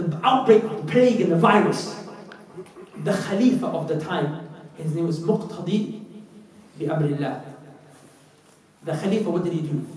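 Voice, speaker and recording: Animated preacher in an echoey hall. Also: male voice, a little high. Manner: animated, acts out quotes, rises to shouts. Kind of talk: sermon. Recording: echoey hall, far from the mic.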